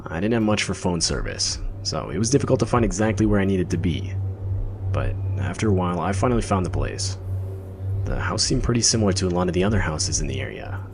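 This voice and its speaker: Low gravelly man telling a story. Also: animated, fast, a little hiss or hum. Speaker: story narrator. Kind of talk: scripted first-person story narration.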